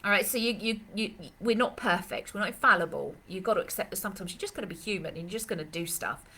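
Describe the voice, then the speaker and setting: A woman runs a live puppy Q&A as a dog trainer. She talks in a loose, rambling way, full of ums and restarts, at an ordinary pitch. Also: fast talker, sharp tone. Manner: chatty, rambling, many fillers and restarts. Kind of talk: live Q&A session.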